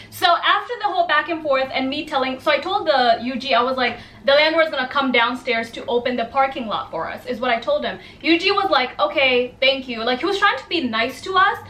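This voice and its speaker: A young woman vlogger telling a casual story to her channel, animated, with quick asides, acting out what each person said. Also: high voice, echoey room. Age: young adult.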